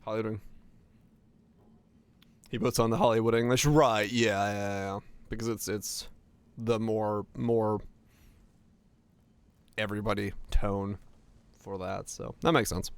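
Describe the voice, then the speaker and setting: A man's voice: fairly low pitch, clear, resonant tone. Chatty man with slight Southern touches. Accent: American with slight Southern touches. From Finland. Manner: rambling, answers chat questions aloud. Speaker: streamer. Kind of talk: casual chat with viewers.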